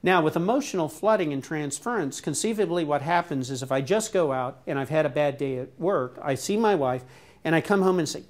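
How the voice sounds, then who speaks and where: Male academic, seminar Q&A; lively, casual, salty speaker who slips into acted-out rants. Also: fairly high pitch, a little fast. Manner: animated, acts out quarrels with sudden loud outbursts; casual, swears freely. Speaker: visiting professor giving a seminar talk.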